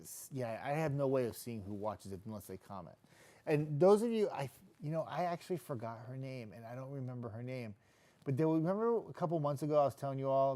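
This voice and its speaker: A middle-aged TV weatherman chats casually on a live stream, reading viewer comments and joking around with lots of restarts. His voice is mellow and mid-range.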